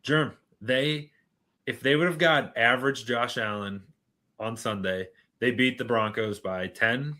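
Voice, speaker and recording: A man's voice: mid-range voice, a little slow, bright, forceful tone. A man co-hosting a sports podcast, arguing his takes emphatically and repeating points for punch. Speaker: podcast co-host. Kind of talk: casual sports chat.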